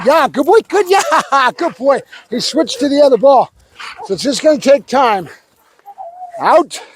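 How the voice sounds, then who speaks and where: A man working as a dog trainer, calling short firm commands to a dog and calmly explaining his method as he trains. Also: high voice.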